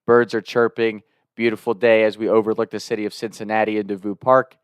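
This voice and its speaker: A young man telling a funny story to the camera in a casual, animated way, laughing and swearing freely. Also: on the low side, fairly quick, smooth, dry recording. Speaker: storyteller host.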